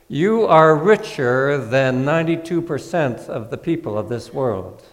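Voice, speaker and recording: A male pastor gives a sermon in a slow, unhurried delivery, his voice sitting a little high for a man. He talks in a conversational, gently humorous way, and the sound carries a long echo through a large church hall. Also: expressive.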